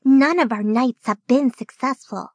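A woman's voice: high voice, unhurried, dry recording. A woman voicing a small fairy mother who speaks with a firm, confident voice.

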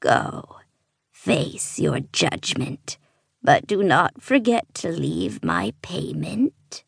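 A woman voicing an ancient, hunched, greedy male ferryman of the dead in an audiobook, with a slow, breathy, hushed drawl. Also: sits low, huge pitch swings, no echo, clean studio sound, heavily acted. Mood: menacing.

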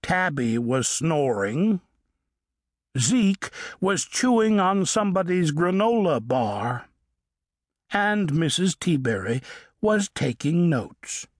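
A man reads a children's story aloud, taking his time and giving words playful emphasis. His voice sits fairly high and moves all over in pitch, and the studio recording is close and dry. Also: big pitch swings, takes it slowly, dry recording. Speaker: audiobook narrator. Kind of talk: children's audiobook narration. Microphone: studio microphone.

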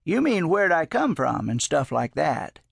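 A man voicing a gentle, teasing old male drifter with a folksy, drawling manner in an audiobook. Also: a little high, wildly swooping pitch, unhurried, creaky, husky, no room sound, clean studio sound, heavily acted.

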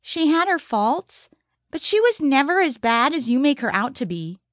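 A woman voicing a gentle, grieving older woman. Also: high voice, sing-song, moderate pace, dry recording, clean studio sound, pitched above the performer's own voice. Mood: pleading. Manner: soft and pleading. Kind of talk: audiobook character reading.

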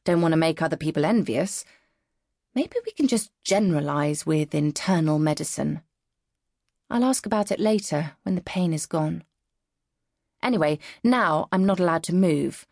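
A woman's voice: lowish voice, vocal fry, darkish tone, dry recording. A woman reading a novel in the first person, frank and wry, on a close studio mic. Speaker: audiobook narrator. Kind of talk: first-person audiobook narration.

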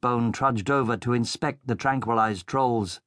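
A man reads a children's adventure story in a steady, measured way, taking his time over each line. His mid-range voice sits close and dry on the microphone, with no room around it. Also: medium pitch, dry recording. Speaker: audiobook narrator. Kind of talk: scripted children's audiobook narration.

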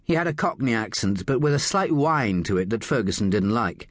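A man narrating a thriller audiobook in a measured, expressive storytelling manner on a close studio mic. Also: fairly low pitch, dry recording.

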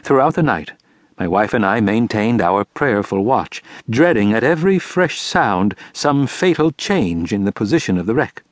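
A man with a voice on the low side narrates an audiobook from a script, measured and expressive as he tells the story. The recording is studio quality, free of room sound.

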